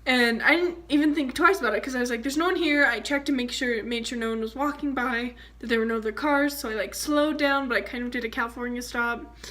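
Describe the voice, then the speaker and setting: Young woman vlogging, high bright voice, says "like" a lot, casual storytelling. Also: fast talker. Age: young adult. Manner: chatty, fillers of "like", animated retelling.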